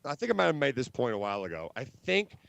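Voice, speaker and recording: A man's voice: medium pitch, huge pitch swings, fast, gravelly, a bit bright, dry recording. Man, comedy show co-host, rambling with fillers, dry close sound. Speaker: podcast co-host. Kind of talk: casual comedy chat. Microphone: home mic over a call link.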